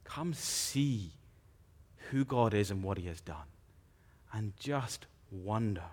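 A man preaching a sermon, earnest and measured, slowing down to stress key phrases. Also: lowish voice, animated, darkish tone, slightly rough. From Scotland.

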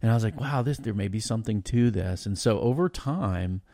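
A man talking as a podcast guest, telling stories in a rambling, animated way with lots of restarts. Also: lowish voice, a little fast, creaky, no echo, clean studio sound. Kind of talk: casual storytelling chat.

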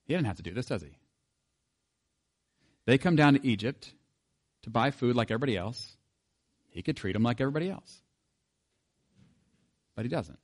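A pastor preaching a sermon in a conversational way, often putting rhetorical questions to the congregation and reading scripture aloud. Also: male voice, medium pitch, animated, normal speed, pauses often.

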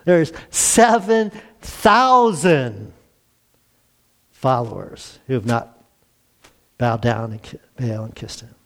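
A man's voice: medium pitch, fairly even intonation, a little slow, vocal fry, pauses often, darkish tone. A man in his sixties preaching a conversational sermon, acting out the dialogue and chuckling now and then.

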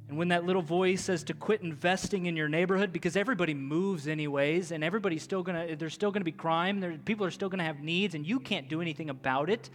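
A man preaching a sermon with passion, swinging between hushed and loud, repeating his phrases with rhetorical drive. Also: a little high, steady tone, a little fast, hardly any pauses, in a large hall, faint music behind. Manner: repetitive, rhetorical preaching with restarts. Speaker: pastor.

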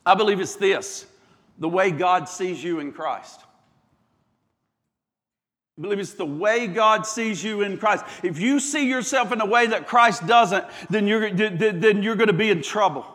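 A man's voice: high-pitched, a little slow, fairly bright tone, in a large hall. A man, a pastor preaching a sermon in a church, impassioned, stacking repeated phrases and stumbling through restarts.

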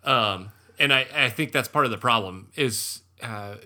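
A man co-hosting a casual podcast chat, reflective and halting, with many fillers. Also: medium pitch, sharp tone. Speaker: podcast co-host.

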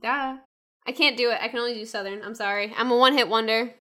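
A woman's voice: fairly high pitch, fairly even intonation, fast talker, sharp tone, slight background noise. A woman hosting a casual podcast over a remote call, chatty and self-mocking, laughing often. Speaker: podcast host. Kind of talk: casual chat.

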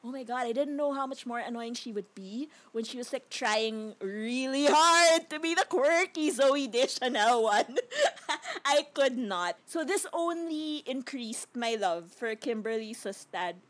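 A woman with a fairly high voice, co-hosting a casual movie review chat. She rambles through scathing complaints and laughs often along the way. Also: animated, unhurried, hardly any pauses, a bit bright. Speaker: podcast co-host.

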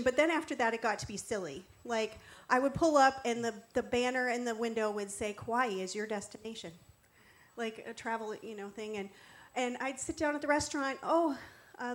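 A middle-aged woman telling a faith testimony in an animated way, acting out the quotes and laughing often. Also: a little high. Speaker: guest sharing testimony. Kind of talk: storytelling testimony.

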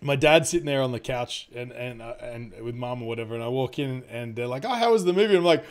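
A man's voice: medium pitch, animated, quick pace, few pauses. Rambling, swearing man reviewing a movie. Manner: rambling, laughs often, swears freely. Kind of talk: casual movie review chat.

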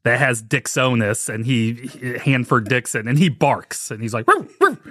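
A man's voice: mid-range voice, fairly even intonation, moderate pace, a bit bright, no room sound, studio quality. A man co-hosting a podcast, chatting casually and laughing often as he recounts scenes. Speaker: podcast co-host. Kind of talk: casual chat.

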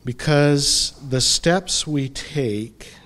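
A middle-aged man preaching a sermon, reflective and unhurried, often pausing and letting his voice drop softly. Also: mid-range voice. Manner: slow, reflective preaching with pauses and soft drops. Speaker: pastor.

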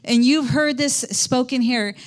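A middle-aged woman pastor with a high voice gives a conversational sermon in a church. She tells stories in a chatty way and keeps asking her congregation questions. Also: measured pace. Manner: conversational preaching, quizzing the congregation.

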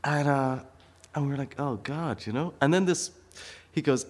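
A man's voice: medium pitch, normal speed. A man telling a comic story on stage, laughing often and acting out the people in it. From Ireland. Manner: animated, laughing often, acting out quoted voices. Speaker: stand-up comedian.

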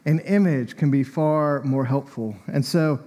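A man's voice: medium pitch, a little slow, mellow, lo-fi sound. A man preaching a sermon in a conversational, storytelling way, often with a light chuckle.

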